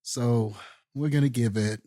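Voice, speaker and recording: A man's voice: medium pitch, measured pace, warm tone, dry recording, studio quality. A man co-hosting a podcast, mocking a movie with sarcastic quips. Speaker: podcast co-host. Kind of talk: casual movie review chat.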